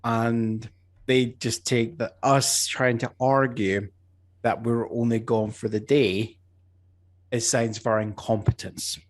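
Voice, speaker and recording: A man's voice: mid-range voice, flat delivery, slow. A man playing a tabletop game, rambling in a wry way. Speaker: player.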